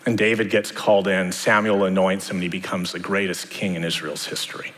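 A man's voice: fairly low pitch, steady tone, fairly quick, few pauses, bright, forceful tone. A man preaching a sermon, talking to the congregation in a conversational way with many rhetorical questions. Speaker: pastor. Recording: long hall reverb.

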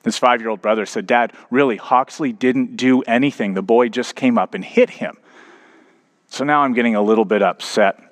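A man's voice: mid-range voice, normal speed. A man in his thirties, a pastor preaching a sermon, telling a story and building to emphatic points.

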